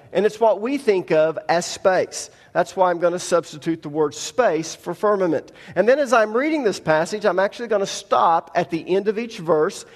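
A man's voice: high voice, long reverb tail. A man teaching a Bible lesson to a congregation, explaining each point plainly and step by step. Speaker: pastor.

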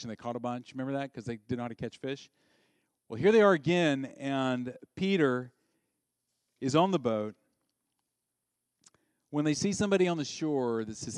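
A man preaching a sermon in a conversational way, asking the listeners questions and swinging from loud, high bursts to quiet, low passages. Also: normal speed, dry recording, studio quality. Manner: conversational, asks the audience questions.

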